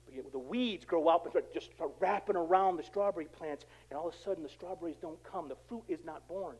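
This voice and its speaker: A male pastor preaching a sermon in a casual, conversational way, swinging from quiet asides to loud emphatic bursts. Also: a little high, fast, husky, low-quality recording. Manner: animated, conversational preaching with dramatic swings in volume.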